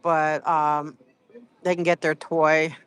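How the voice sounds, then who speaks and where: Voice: mid-range voice, little pitch movement, slow, fairly bright tone, clean tone, no room sound. A livestreamer chatting casually with viewers from a street event, rambling and teasing, full of filler words. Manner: rambling, full of "like" and "you know".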